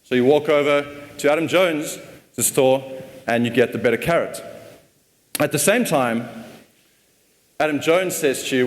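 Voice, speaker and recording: A man's voice: mid-range voice, moderate pace, pauses often. A man giving a casual conference talk, often repeating words as he thinks. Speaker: conference speaker. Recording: long hall reverb.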